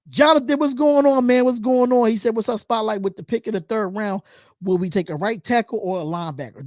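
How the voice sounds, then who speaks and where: Casting: male host with a high voice, loose and repetitive, close and dry. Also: a little mellow, dry recording. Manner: chatty, repeats phrases, reads comments aloud. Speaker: podcast host. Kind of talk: casual live-stream chat.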